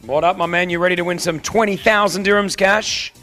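High-voiced teasing radio host, man. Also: steady tone, pushed and bright, faint music behind. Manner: teasing, playful and brisk. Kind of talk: live morning radio banter and quiz hosting. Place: hotel venue for a live broadcast.

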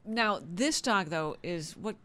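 A woman's voice: mid-range voice, expressive, takes it slowly, fairly bright tone. A woman anchoring a morning news segment, friendly and conversational as she interviews a guest. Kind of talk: casual on-air interview.

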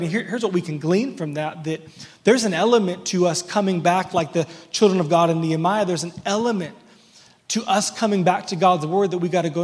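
A man's voice: high voice, a little fast, a little mellow, long reverb tail. A man preaching a sermon as pastor, earnest and repeating words as he restarts his phrases.

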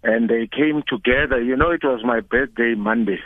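An older man with a South African accent, a former football coach speaking as a guest over the phone in a relaxed, chatty way. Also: mid-range voice, normal speed, no echo. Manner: relaxed, chatty, repeats words when starting. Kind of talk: phone interview. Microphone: telephone. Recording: tinny phone line.

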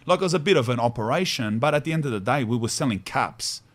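Australian male host, casual storyteller, slangy and animated, mid-range voice. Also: medium pitch, fast talker. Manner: animated, slangy, laughs while telling stories. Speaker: podcast host.

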